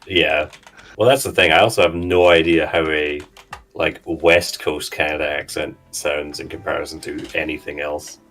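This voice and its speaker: Scottish man, very low voice, casual stream chat, sweary, joking. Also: steady tone, moderate pace, a bit bright. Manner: swears freely, jokey, trails off mid-sentence. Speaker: streamer co-host.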